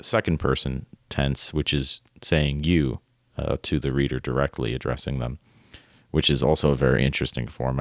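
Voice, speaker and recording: A man's voice: extremely low pitch, no echo, studio quality. A man hosting a podcast, talking through a short story and reading passages aloud in an eager, rambling way, often asking "right?". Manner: enthusiastic, filler-heavy, often tags "right?". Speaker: podcast host. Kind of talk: casual literary discussion, reading quotes aloud.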